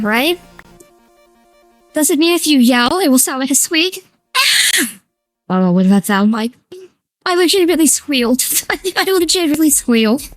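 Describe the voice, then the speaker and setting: A high, squealy girl streamer. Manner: excitable, chatty, squeals and giggles. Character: high feminine streamer voice, playful. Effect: feminine voice changer. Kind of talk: casual live-stream chat while gaming.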